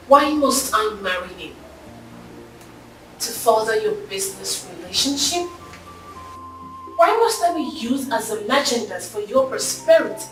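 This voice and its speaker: An actress playing a young daughter with a Nigerian accent, pleading against a forced marriage. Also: female voice, fairly high pitch, a bit bright. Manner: pleading, anguished. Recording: roomy echo, distant from mic.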